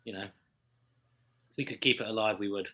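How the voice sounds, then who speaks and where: A man's voice: lowish voice, fairly even intonation, moderate pace, phone-quality sound. A man with a London accent chatting easily as a musician in an interview, often laughing. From United Kingdom. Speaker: musician guest. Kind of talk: casual interview chat.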